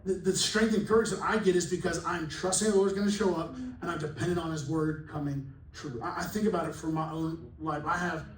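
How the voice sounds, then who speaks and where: A man's voice: a little high, fairly even intonation, a little fast, few pauses. A man pastor giving a sermon in a casual, joking, conversational way, acting out quotes. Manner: conversational, jokey preaching with acted-out quotes. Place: church hall. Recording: echoey hall from far off, faint room noise.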